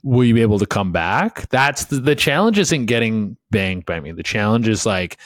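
A man's voice: lowish voice, expressive, moderate pace, no echo. A man comedian co-hosting a podcast, joking crudely in a laid-back way. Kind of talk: casual podcast chat.

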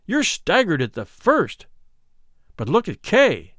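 A man voicing a smooth, worldly and ruthless male doctor who talks in a coolly persuasive, condescending way. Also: sits high, wildly swooping pitch, slow, a bit bright, dry recording, studio quality, pitched above the performer's own voice, exaggerated voice.

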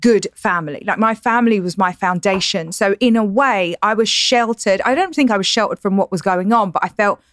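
Woman, 40s, softened East London accent, casual interview guest, lots of fillers, dry studio sound. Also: mid-range voice, a little fast, hardly any pauses, no room sound. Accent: East London English, softened. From East London, England. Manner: candid, laughs easily, many fillers like "like" and "you know". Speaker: guest entrepreneur. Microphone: studio podcast mic.

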